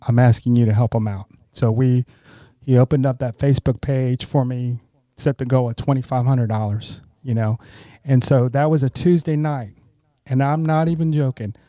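Middle-aged male guest, warm, relaxed timbre, dry close sound, earnest rambling storyteller. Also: mid-range voice, moderate pace, no echo. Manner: rambling anecdotes with frequent "you know"; earnest, grateful tone. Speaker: podcast guest. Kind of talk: conversational storytelling.

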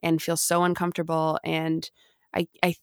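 Woman co-host, casual fan chat, slightly low, dry sound. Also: monotone, moderate pace, darkish tone, clear, resonant tone, no echo. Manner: chatty, many fillers and restarts. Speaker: podcast co-host.

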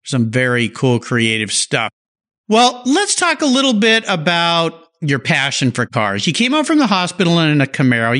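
A middle-aged man hosting a podcast interview, enthusiastic, stressing words slowly. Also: fairly high pitch, a bit bright. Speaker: podcast host.

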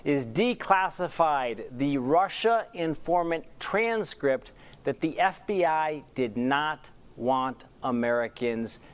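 Male news anchor, polished scripted intro, smooth resonant voice. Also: fairly high pitch, expressive, takes it slowly. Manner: polished, announcing.

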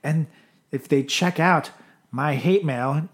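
A man's voice: on the high side, slow. A young man co-hosting a podcast, joking, swearing and laughing often in casual banter. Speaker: podcast co-host.

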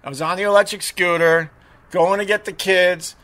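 A middle-aged man hosting a show, chatting casually and telling a story with lively retold dialogue. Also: high-pitched, normal speed. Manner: animated storyteller, mimics voices in retold dialogue. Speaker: show host.

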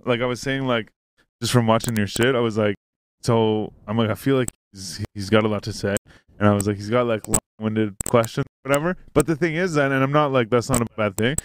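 A man's voice: mid-range voice, fairly even intonation, a little fast. Rambling, swearing male podcast host. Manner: rambling, swears often, laughs easily. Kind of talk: casual chat. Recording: faint hiss.

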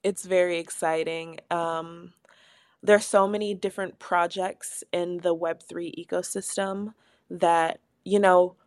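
A young woman co-hosting a casual podcast, animated and quick to laugh, swearing freely as she talks. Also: on the low side, no room sound, studio quality. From Pacific Northwest of the US. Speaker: podcast co-host.

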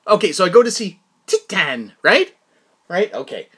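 A man hosting a casual film-review talk, excitable and rambling, slightly out of breath. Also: high voice, moderate pace, husky. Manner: excitable, rambling, breaks into laughter. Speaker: podcast host reviewing a film. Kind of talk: casual monologue.

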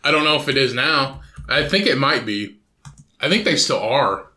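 A man's voice: mid-range voice, lively intonation, normal speed, bright, forceful tone. A man co-hosting a podcast in casual chat, blunt and profane. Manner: blunt, profane, matter-of-fact. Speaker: podcast co-host.

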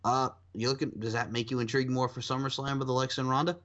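A man hosting a casual podcast, animated and rambling, swearing and laughing often. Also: medium pitch, fast. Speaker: podcast host. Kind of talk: casual chat. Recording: dull lo-fi sound.

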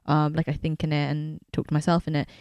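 A woman's voice: deep voice, completely flat delivery, fast talker, darkish tone, smooth, no room sound. A woman with a Filipino English accent, co-hosting a casual podcast chat, talking in a reflective, rambling way with many fillers. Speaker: podcast co-host.

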